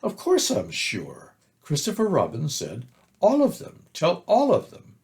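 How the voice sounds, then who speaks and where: A man's voice: fairly high pitch, wildly swooping pitch, measured pace, voice pushed up, heavily acted. A man voicing a fussy, self-important male owl in a storybook reading, with emphatic rising lines.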